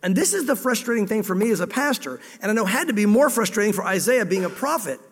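High-voiced preacher in a reverberant hall. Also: male voice, lively intonation, quick pace. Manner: preaching with sudden loud emphatic bursts, then dropping low; voices God's words in first person. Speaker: pastor. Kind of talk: sermon.

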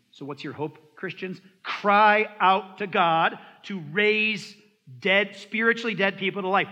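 In a long-echo hall, captured with dull lo-fi sound, a pastor preaches in a voice that sits high and never hurries. He tells stories animatedly, acting out the voices of the people in them.

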